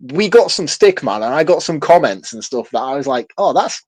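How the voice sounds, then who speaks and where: A man's voice: fairly high pitch, big pitch swings, brisk, a little mellow, dry recording. Yorkshire man chatting on a podcast. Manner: loose and chatty, swears casually, laughs often. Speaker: podcast co-host. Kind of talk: casual film review chat.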